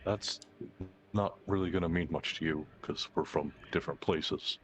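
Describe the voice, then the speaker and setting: Deep-voiced man playing his character. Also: fairly even intonation, normal speed, a little hiss or hum. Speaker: player. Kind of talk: in-character tabletop role-play.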